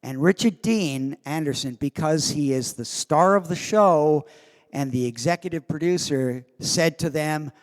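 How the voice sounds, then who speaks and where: Convention guest actor, slow and fairly high-voiced, amused storyteller, long hall reverb. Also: male voice. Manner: animated, self-amused storytelling. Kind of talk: anecdote on a convention stage.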